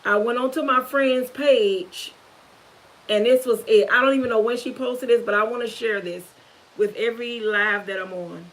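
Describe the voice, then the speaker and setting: A woman on a live stream, nervous and holding back tears, talking in a halting, earnest way with many restarts. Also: fairly high pitch, a bit bright, low-quality recording. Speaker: YouTuber. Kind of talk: emotional live-stream talk.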